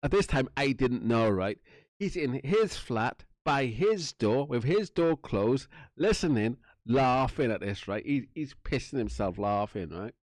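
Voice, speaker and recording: A man's voice: medium pitch, expressive, unhurried, a little mellow, dry recording. Rambling, swearing Welsh man. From Wales. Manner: rambling, swearing, laughs often, acts out quotes. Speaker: channel host telling a story. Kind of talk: casual storytelling monologue.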